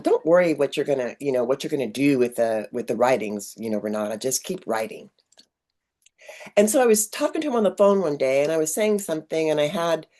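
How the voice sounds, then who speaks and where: A middle-aged woman with a low, mellow voice leads a spiritual sharing session over a webcam. She rambles and digresses, filling pauses with ums. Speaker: workshop leader. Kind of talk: spiritual group talk.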